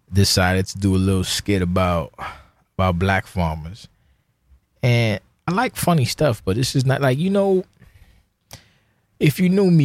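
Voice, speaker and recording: A man's voice: medium pitch, darkish tone, no echo. A man hosting his own podcast, ranting alone in a heated, profane, rambling way. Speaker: podcast host. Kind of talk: casual solo rant.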